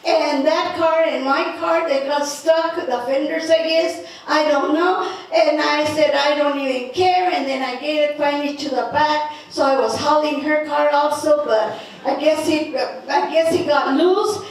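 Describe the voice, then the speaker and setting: A woman telling a personal story in a lively, playful way, mixing in Spanish words. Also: high voice, measured pace. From Northern New Mexico. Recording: echoey room, speaker far from mic.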